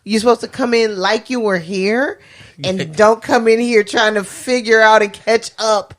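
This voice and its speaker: A woman in a casual movie review chat, lively and teasing, laughing often. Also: fairly high pitch, a little slow. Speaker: podcast co-host.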